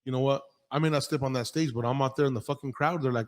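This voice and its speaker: Guy hosting a podcast, swears a ton, blunt and loud, voice rings out in a roomy reverb. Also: mid-range voice, fairly even intonation, fast. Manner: blunt, heavy swearing, storytelling. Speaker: podcast host. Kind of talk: casual podcast chat.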